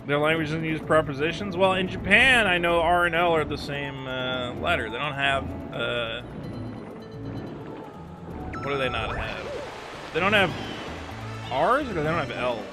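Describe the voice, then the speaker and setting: A man with a voice on the higher side talks casually while streaming a video game. He rambles, swears freely and drops quick asides. Game music plays clearly beneath his voice. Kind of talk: casual gameplay chat.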